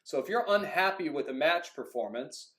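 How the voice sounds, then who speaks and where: Man, youth soccer coach, casual monologue, slightly high voice, echoey room. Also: normal speed. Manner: animated storytelling, acts out conversations; frequent "like" fillers.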